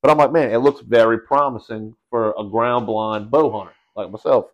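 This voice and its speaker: A man telling a story in casual podcast chat, animated and slangy, calling people bro and dude. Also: medium pitch, moderate pace, highs cut off.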